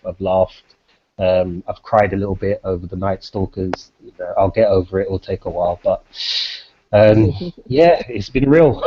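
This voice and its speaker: Husky-voiced male podcast host. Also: medium pitch. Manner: relaxed, rambling with many fillers. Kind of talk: casual podcast sign-off. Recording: dull lo-fi audio.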